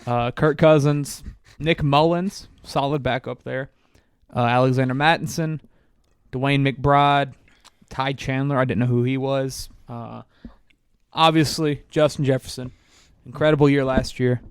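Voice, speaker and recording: A man co-hosting a casual sports podcast, reading through a team roster and musing aloud with many pauses. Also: medium pitch, fairly even intonation, clear, resonant tone, no room sound, clean studio sound. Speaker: podcast co-host.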